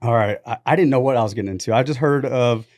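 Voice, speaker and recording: Male podcast guest, mid-pitched, animated storyteller, dry close studio mic. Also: fast talker, no echo. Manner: animated anecdotes with quoted dialogue. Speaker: podcast guest, business founder. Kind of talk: casual storytelling.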